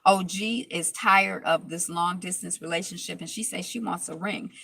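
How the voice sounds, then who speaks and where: A woman's voice: fairly low pitch, moderate pace, vocal fry, bright, forceful tone, low-quality recording. A woman casually recapping a reality TV episode, rambling with lots of fillers and restarts.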